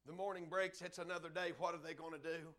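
A male preacher tells a story from the pulpit in a high, bright voice. He rises to loud, impassioned cries and then drops to a hushed, low delivery. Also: little pitch movement, fast. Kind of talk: storytelling sermon.

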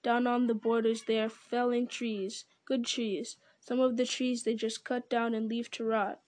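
A woman voicing an ancient, slow and grave male tree-giant in a storybook reading, speaking in a solemn, deliberate way. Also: fairly high pitch, little pitch movement, a little mellow, no room sound, close to an everyday voice.

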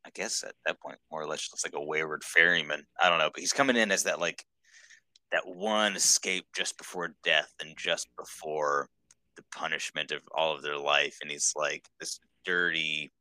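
A man's voice: a bass voice, fairly even intonation, moderate pace, sharp tone, no room sound. A man co-hosting a podcast in casual chat, enthusiastic and rambling with lots of fillers. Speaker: podcast co-host.

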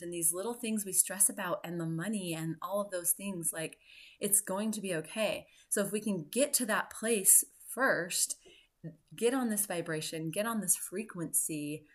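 A woman in her forties, a podcast host, telling a personal story in an earnest, reflective way with soft laughs. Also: fairly low pitch. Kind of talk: personal story and motivational talk.

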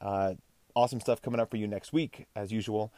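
A middle-aged man from Texas talks alone on his podcast in a loose, rambling, self-deprecating way. His voice sits a little low, and the sound is dry and close. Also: fairly even intonation, fairly quick, warm tone, no room sound. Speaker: podcast host. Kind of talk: solo podcast monologue.

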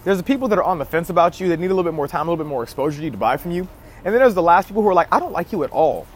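This man's voice sits high and comes out expressive and rapid-fire as he vlogs casually about marketing to camera. Emphatic in delivery, he keeps repeating key phrases and frequently starts over.

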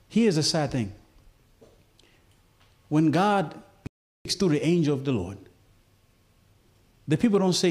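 A man's voice: on the high side, very animated, slow, long pauses, a little mellow. A male preacher giving a sermon, pleading with the congregation and often checking in with them. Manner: impassioned, pleading, often asks "you feel me?".

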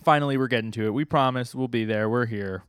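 A man's voice: medium pitch, fast, smooth, no room sound, clean studio sound. A man co-hosting a podcast, chatting casually and recapping comic chapters in a rambling way with lots of ums and likes. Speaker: podcast co-host.

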